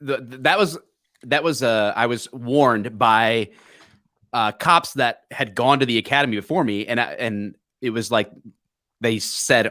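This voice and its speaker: A man co-hosting a podcast, talking in a relaxed, conversational way and quoting others in his story. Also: mid-range voice, unhurried, dry recording, clean studio sound. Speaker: podcast co-host, police officer. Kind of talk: casual chat, storytelling.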